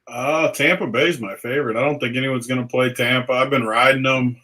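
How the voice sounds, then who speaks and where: A man on a live sports picks show, excitable and stammering as he talks up his favorite team. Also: medium pitch, brisk. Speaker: sports betting analyst. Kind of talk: casual chat.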